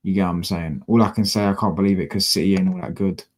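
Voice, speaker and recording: Young guy live streaming, husky low voice, fed up and swearing at his desk mic. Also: steady tone, fast talker, a little mellow. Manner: frustrated, slangy, swears often. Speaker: football fan streamer. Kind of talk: live-stream fan rant.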